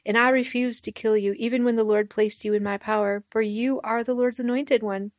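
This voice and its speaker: A woman's voice: on the high side, steady tone, fairly quick, dry recording, natural voice. A woman reading aloud the lines of a young male warrior-king, giving them raised emphasis. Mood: solemn.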